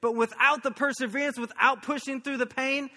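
A pastor from Oklahoma preaching a sermon, telling stories earnestly and chuckling now and then. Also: male voice, extremely high pitch, steady tone, fairly quick, bright, forceful tone, big-room sound. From Oklahoma, USA.

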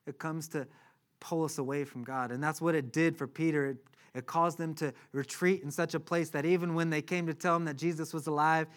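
A man's voice: a little high, brisk. A man preaching a sermon as pastor, telling a Bible story with humor and checking in often with "right?". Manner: animated, humorous storytelling with many "right?" tags.

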